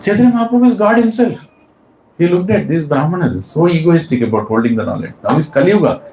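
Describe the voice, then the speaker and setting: A man's voice: on the high side, expressive, fast, dark tone, a little hiss or hum. A man teaching a class of devotees, quizzing them with questions and stressing his points. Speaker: spiritual teacher. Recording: echoey room.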